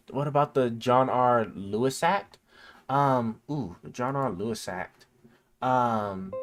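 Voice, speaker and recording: A man streaming casually, rambling and stammering with many fillers as he reads and thinks aloud, dropping quieter while he reads and perking up again. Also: mid-range voice. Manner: drifts quieter when reading to himself, then perks up.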